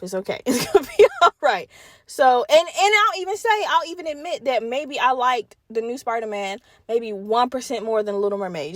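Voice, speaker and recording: A young woman hosts her podcast in an animated, profane, casual way, talking straight to her listeners. Her voice sits a little high. The recording is dry and close, with no room sound. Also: no room sound. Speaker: podcast host. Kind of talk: casual solo chat.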